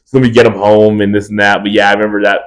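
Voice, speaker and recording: Fast-talking young man telling party stories. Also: fairly low pitch, poor audio. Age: 20s. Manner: animated storyteller acting out friends' lines. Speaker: podcast co-host. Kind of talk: casual chat.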